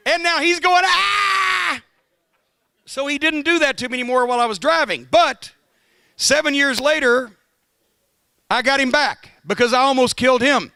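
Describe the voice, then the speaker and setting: A man giving a profane, sardonic roast speech, telling a comic road story with building excitement. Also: very high voice, vocal fry, no room sound. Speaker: roast guest of honor.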